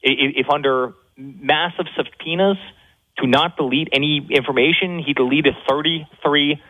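A man speaking as an interview guest, fast and animated, with many restarts and repeated words. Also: a little high. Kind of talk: interview on a phone line. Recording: tinny phone line.

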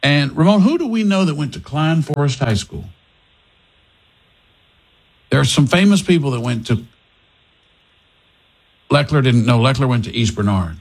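A man's voice: medium pitch, moderate pace, pauses often. A man hosting a talk radio show, chatting casually and restarting his sentences often. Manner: lively, chatty, self-correcting with frequent restarts.

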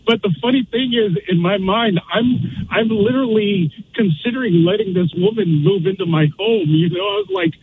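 A man's voice: sits high, moderate pace, a little hiss or hum. Rambling male caller on a tinny phone line. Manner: rambling, lots of fillers. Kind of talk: telling a story on a call-in show.

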